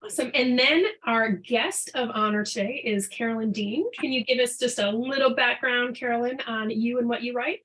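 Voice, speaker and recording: A woman's voice: on the high side, moderate pace, few pauses, fairly bright tone, poor audio. A woman hosting an interview over a video call, upbeat and chatty as she asks her guest questions. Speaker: host. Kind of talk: casual interview chat.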